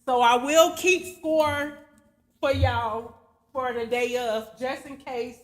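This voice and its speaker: High-voiced, unhurried woman livestreamer. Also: fairly even intonation. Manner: loose and slangy, chuckles often, spells out viewer names letter by letter. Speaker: livestream host. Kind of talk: casual livestream chat with viewers.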